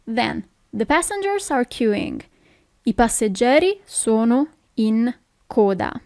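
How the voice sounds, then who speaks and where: A woman with an Italian accent, teaching phrases in a patient lesson, saying each one slowly and repeating it. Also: fairly high pitch, very animated, warm tone, no echo, studio quality. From Italy.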